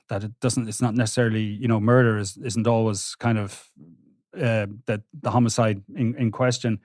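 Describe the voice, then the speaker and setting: Man, court reporter, low voice. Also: a little mellow, no echo, clean studio sound. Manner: recounting testimony with halting restarts. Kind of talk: podcast discussion.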